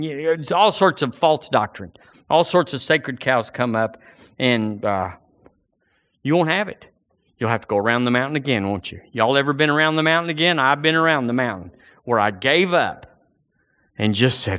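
A man's voice: mid-range voice, lively intonation, moderate pace. A man preaching an impassioned, emphatic sermon, his voice climbing when he presses a point. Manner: impassioned, emphatic, rising to near-shouts.

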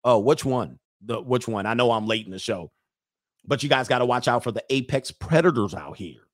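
A man in his forties hosting a livestream, joking loudly in a slangy, animated way while reading chat. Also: mid-range voice, a little fast, dry recording, clean studio sound. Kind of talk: comedic livestream rant.

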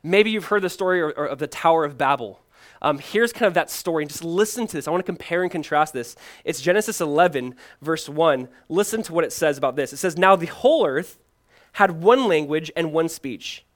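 A male pastor preaching a sermon, swinging from loud emphatic lines to hushed, pleading ones and repeating key phrases. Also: on the high side, fast talker.

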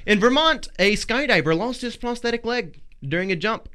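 A man's voice: extremely high pitch, expressive, normal speed, smooth. A man hosting a faith talk show, telling odd news stories in a theatrical, jokey way. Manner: theatrical, jokey, big swings in loudness. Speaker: host.

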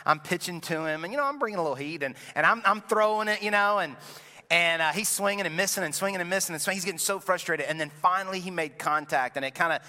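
Casual joking pastor in an echoing hall. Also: male voice, high voice, quick pace, pushed and bright. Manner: casual storytelling, self-deprecating jokes. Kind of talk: sermon. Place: church sanctuary. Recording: long reverb from a large room.

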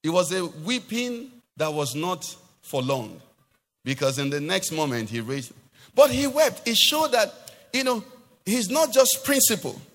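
Male pastor, high voice, swings a lot in pitch, long echo of a church hall. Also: a little slow. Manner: animated preaching with rhetorical questions to the congregation. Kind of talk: sermon.

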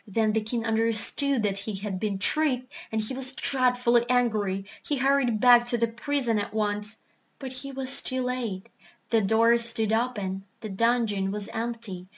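A woman reading a children's book aloud in a steady, expressive storytelling manner. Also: a little high, measured pace. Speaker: narrator.

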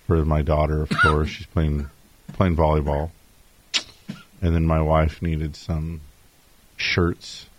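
A man's voice: very deep voice, level tone, slow pace, long pauses, noisy background. A man hosting a talk show in casual chat, a jokey storyteller who chuckles often. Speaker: show host.

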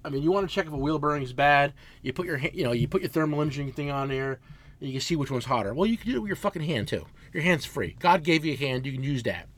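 A man in his forties co-hosting a casual podcast, telling loud, profane stories. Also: a little high, lively intonation, fast talker. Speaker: podcast co-host, mechanic.

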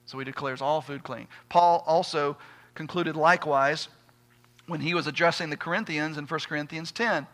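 A man's voice: fairly high pitch, fairly even intonation, moderate pace, fairly bright tone. A male pastor preaching a sermon, emphatic, putting rhetorical questions to his congregation.

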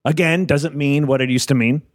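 A man hosting a podcast in casual chat, with playful quick jokes. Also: a little high, steady tone.

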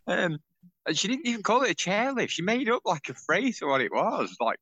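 A man co-hosting a podcast from a holiday spot, chatty and quick to laugh while telling stories. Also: high voice, very animated, pushed and bright, no echo, dull audio. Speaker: podcast co-host. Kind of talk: casual chat. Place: on holiday outdoors by a pool.

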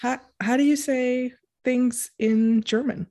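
A woman's voice: a little high, fairly even intonation, slow, dark tone. A woman co-hosting a podcast in casual chat, playful and teasing. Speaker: podcast co-host.

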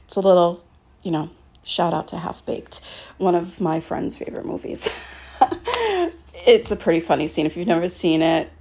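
A woman's voice: on the low side, steady tone, a little fast, creaky, mellow. A woman hosting her own podcast, talking candidly and bluntly, swearing freely and wandering off on tangents. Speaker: podcast host. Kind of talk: casual solo podcast monologue.

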